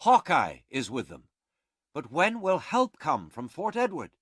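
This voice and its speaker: An earnest young army officer speaks with raised urgency, as a man reads him in a storybook. His voice swings lively in pitch. The recording is dry and close. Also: measured pace, slightly rough, no room sound, heavily acted.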